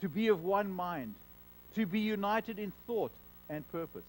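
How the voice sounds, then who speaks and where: On a poor-quality recording, a man preaches as pastor in a high-pitched, expressive voice and at a measured pace. He's earnest, repeats words haltingly when pressing a point, and falls to a soft hush for solemn lines.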